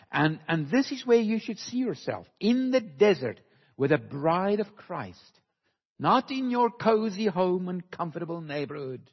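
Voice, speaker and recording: A man preaching a sermon slowly and emphatically, with dramatic pauses, recorded in a church hall. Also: a little high, husky. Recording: dull, lo-fi recording with long hall reverb.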